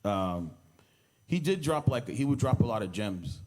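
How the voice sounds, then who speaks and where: A man with a fairly low voice gives a loose, anecdotal eulogy, the way a stand-up comedian tells a story. He rambles, restarts, and acts out other people's lines with a lifted voice. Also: sing-song, unhurried, a little mellow. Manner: rambling storyteller who acts out quoted lines and laughs as he goes. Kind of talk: informal anecdotal speech at a memorial. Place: memorial service hall.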